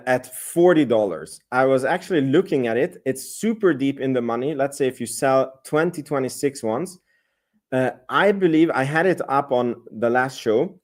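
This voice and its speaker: A man's voice: medium pitch, a little mellow. A man hosting a live stream, chatting loosely about selling options and answering viewer comments, with many fillers and restarts. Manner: rambling, reads and answers chat comments. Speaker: host.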